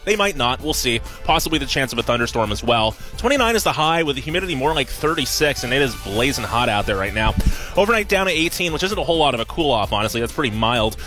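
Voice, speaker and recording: A man giving the weather and traffic report on radio in a brisk, upbeat way. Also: medium pitch, sharp tone.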